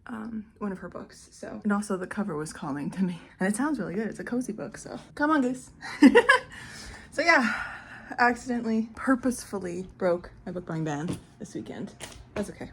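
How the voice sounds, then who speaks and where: A woman chatting casually about books in a home vlog, talkative and quick to laugh. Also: on the low side, creaky, slight background noise. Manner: chatty, laughs often, frequent "like". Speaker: book vlogger. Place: home, on the couch.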